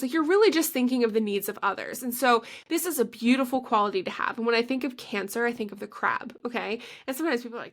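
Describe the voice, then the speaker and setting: A woman co-hosting a casual podcast, her voice sitting a bit higher than most. She gushes as she talks, packs her sentences with "like" and often breaks into a laugh mid-sentence. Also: animated, quick pace, few pauses. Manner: chatty and gushing, heavy use of "like". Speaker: podcast co-host. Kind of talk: casual chat.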